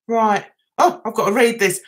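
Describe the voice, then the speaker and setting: A woman with a London Cockney accent hosting a casual livestream, chatting and reading viewer comments aloud. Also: fairly high pitch. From England. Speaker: livestream host reviewing TV.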